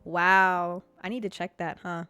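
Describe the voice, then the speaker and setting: A woman's voice: slow, clear, resonant tone, dry recording, faint music behind. Candid, laughing young woman podcaster. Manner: candid, swears freely, laughs often; animated, jumps to high pitch when reacting. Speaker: podcast host. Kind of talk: casual solo podcast chat.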